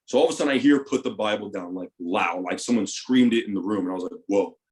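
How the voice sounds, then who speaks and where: Lowish-voiced and fast-talking, a young man who retired from football shares his story frankly in an interview. He's animated and curses freely, shifting from loud outbursts to quiet asides.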